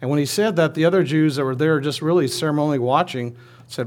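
A man's voice: fairly high pitch, fast talker, darkish tone. A man preaching a sermon, retelling a story in a conversational way with asides.

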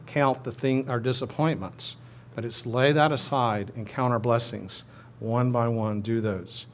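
A man preaching a sermon in a conversational manner, often restarting his phrases and leading his listeners in a responsive reading. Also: medium pitch. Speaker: pastor.

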